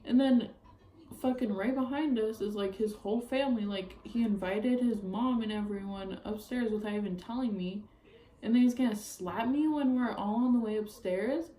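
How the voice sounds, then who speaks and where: A woman's voice: fairly high pitch, moderate pace, dark tone. A young woman telling a heated personal breakup story as a vlogger, profane and full of "like". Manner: heated, profane, filler-heavy retelling. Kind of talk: casual storytime. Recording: roomy echo, faint ambient noise.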